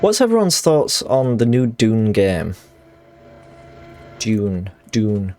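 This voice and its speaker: A man's voice: medium pitch, wildly swooping pitch, unhurried, darkish tone. A man streaming a game, chatting casually in a rambling, sweary way that often corrects itself.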